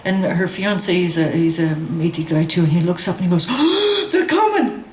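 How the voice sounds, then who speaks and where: A woman telling a personal story in a lively, animated way, acting out the voices of others with laughter. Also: lowish voice, fairly quick, roomy sound, slight background noise. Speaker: guest storyteller. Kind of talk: casual storytelling.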